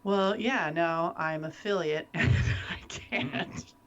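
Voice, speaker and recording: A lively woman chatting on a live stream, laughing often as she talks. Her voice sits a little low for a woman. Faint room ambience hums behind her. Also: takes it slowly, highs cut off, a little hiss or hum. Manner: laughs often, animated, loses her train of thought. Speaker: co-host. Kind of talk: casual chat.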